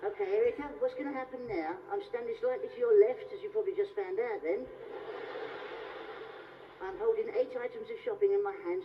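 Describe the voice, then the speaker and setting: A man, performing a cheeky, teasing live comedy routine with an audience volunteer on a theatre stage. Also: background noise. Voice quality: squeaky high voice. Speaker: stand-up comedian. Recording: distant, muffled live theatre recording.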